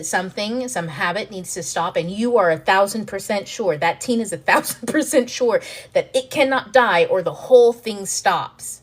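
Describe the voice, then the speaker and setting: A woman hosting a self-help video, explaining ideas in a frank, animated way, swearing freely and acting out panicked inner voices. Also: lowish voice. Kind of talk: casual teaching monologue to camera.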